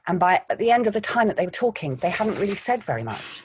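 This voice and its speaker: A woman, an actor, telling stories in a quiet, measured way in an interview. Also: medium pitch, sing-song, slight background noise. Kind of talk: interview answers.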